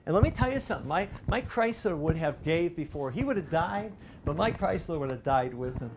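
Pastor preaching conversationally. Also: male voice, on the high side, lively intonation, a little fast, slight background noise. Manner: conversational storytelling with frequent restarts. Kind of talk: sermon.

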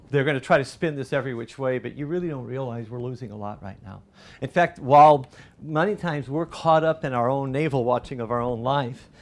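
A middle-aged man preaching a sermon as pastor, rising loud and animated through lists and quoted cries. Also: medium pitch.

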